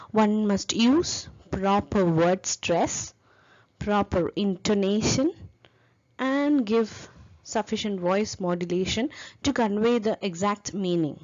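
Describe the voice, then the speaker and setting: A woman's voice: medium pitch, a little mellow, highs cut off. A woman giving a lecture on teaching English, explaining step by step and spelling out example words.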